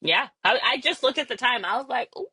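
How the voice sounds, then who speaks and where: A woman co-hosting a casual chat podcast, an animated storyteller who acts out other people's voices. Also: on the high side, brisk, husky. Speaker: podcast co-host. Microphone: podcast recording.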